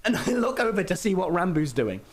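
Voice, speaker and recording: A teenage boy with an English accent telling a rambling story, excitable, swearing often and tripping over his words. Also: sits high, a little fast, a crowd in the background. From England. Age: teens. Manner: excitable, swears a lot, stumbles and restarts. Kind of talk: animated story-time narration. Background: background music.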